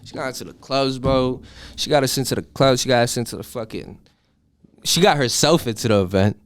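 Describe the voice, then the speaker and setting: Animated eighteen-year-old man telling a story. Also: medium pitch, a little fast. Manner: animated, profane, acts out voices in his story. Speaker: podcast guest. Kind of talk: casual storytelling.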